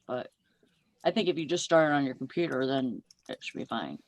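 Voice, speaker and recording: A woman's voice: extremely low pitch, lively intonation, a little fast, dry recording. Woman, chatty and rambling, dry close sound. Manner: chatty, explains in a meandering way. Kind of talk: casual chat.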